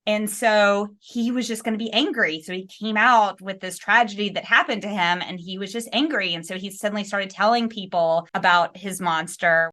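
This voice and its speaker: Podcast host, female, crisp bright tone, eager and engaged as she retells scenes. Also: medium pitch, normal speed, few pauses. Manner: enthusiastic, retelling scenes from the book. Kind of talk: podcast interview.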